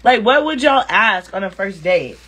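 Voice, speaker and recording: Husky-voiced woman telling a story with sass. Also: medium pitch, moderate pace. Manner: animated, sassy and blunt. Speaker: vlogger. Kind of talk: casual storytelling to viewers.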